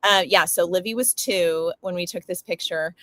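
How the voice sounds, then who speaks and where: A woman's voice: on the low side, normal speed, fairly bright tone, no echo. A woman hosting a talk show and interview, gushing and effusive as she speaks. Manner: effusive and gushing, easily choked up. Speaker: show host.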